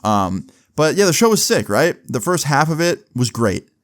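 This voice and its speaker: A man's voice: fairly high pitch, big pitch swings, moderate pace. Laid-back young man telling a story. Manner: slangy, laid-back, lots of "like" and "bro". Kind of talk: casual storytelling.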